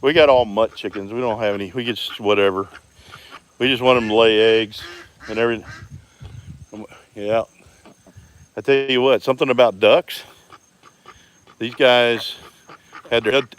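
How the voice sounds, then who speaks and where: Walking his homestead outside with phone in hand, this vlogger chats on a live stream in a lowish voice, with a bit of background noise. His manner is easygoing and talkative, and he greets viewers by name.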